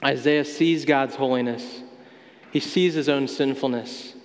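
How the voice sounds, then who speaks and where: A man's voice: medium pitch, unhurried. A man preaching a sermon as pastor, talking in a conversational way with everyday examples. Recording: long hall reverb.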